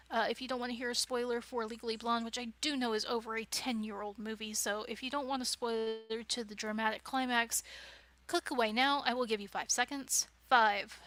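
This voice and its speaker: Bright-voiced chatty woman teaching writing. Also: a little high. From United States. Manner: chatty, enthusiastic, with frequent restarts and fillers. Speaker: writing club leader. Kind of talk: casual informal teaching talk.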